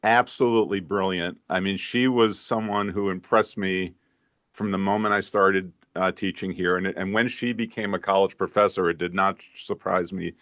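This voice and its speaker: A man's voice: low-pitched, fairly even intonation, normal speed, fairly bright tone, no room sound, clean studio sound. An older man hosting an interview, a former professor recalling students with short encouraging replies. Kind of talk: casual interview.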